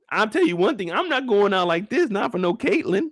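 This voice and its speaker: A young man talks through a TV episode in a loose, animated and profane way, cracking jokes and now and then breaking into shouts. His voice sits a little high for a man. The sound is dry and close, with no room around it. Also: fairly quick, dry recording. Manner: animated, profane, joking, jumps into loud shouted bits. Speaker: show recap reviewer. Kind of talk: casual live recap commentary.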